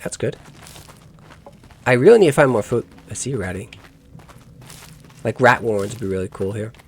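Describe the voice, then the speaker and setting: A low, husky man talking through a game he is playing. His pitch bounces around a lot as he rambles through asides and corrects himself mid-thought. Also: lively intonation, moderate pace. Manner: musing aloud, rambling asides with self-corrections. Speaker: gaming YouTuber. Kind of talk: let's play commentary.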